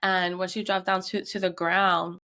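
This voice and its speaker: A woman's voice: fairly low pitch, level tone, moderate pace, pushed and bright. A young woman co-hosting a podcast, emotionally retelling a tense story with lots of fillers. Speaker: podcast co-host. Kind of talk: casual storytelling.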